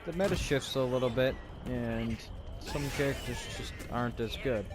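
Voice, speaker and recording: A young man giving casual, monotone commentary over his own gameplay. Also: mid-range voice, moderate pace, over music. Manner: monotone, offhand. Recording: clear background noise.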